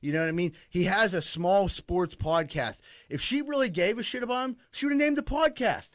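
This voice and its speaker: A man co-hosting a casual podcast, rambling and animated, swearing freely among his friends. His voice sits a little high. The room sounds dry and close. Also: normal speed, dry recording. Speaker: podcast co-host. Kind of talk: casual chat among friends, reading ads.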